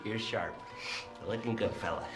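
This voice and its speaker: A man's voice: on the low side, moderate pace, voice pushed down, natural voice. A man playing a washed-up TV prankster who sneers and mutters to himself. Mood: self-mocking. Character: bitter, washed-up male TV prankster. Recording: echoey room with music.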